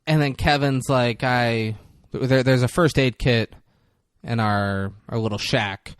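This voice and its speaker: A man co-hosting a podcast, recapping a movie in casual chat and jumping between quick voices for the characters. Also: medium pitch, clean tone, dry recording, clean studio sound. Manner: animated retelling with quick voice shifts. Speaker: podcast co-host.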